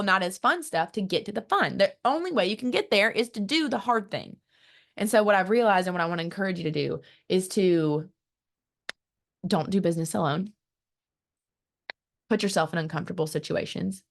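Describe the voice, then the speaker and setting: A woman marketing coach giving an energetic motivational business talk, speaking straight to her audience and often restarting her words. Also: mid-range voice. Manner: energetic and emphatic, acts out quoted voices; repeats words when restarting, direct to the audience.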